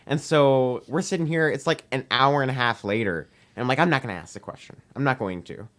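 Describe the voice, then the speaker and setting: A man's voice: mid-range voice, fairly quick, fairly bright tone. A teenage boy, a podcast guest, telling a long story in casual chat, full of "um" and "we're like" as he acts out the dialogue. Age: teens. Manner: rambling, heavy use of "we're like" and "um".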